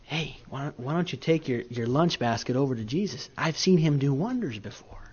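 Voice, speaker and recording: A man preacher voicing a quiet, observant man softly coaxing a boy. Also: mid-range voice, fast talker, husky, dull audio, pitched below the performer's own voice.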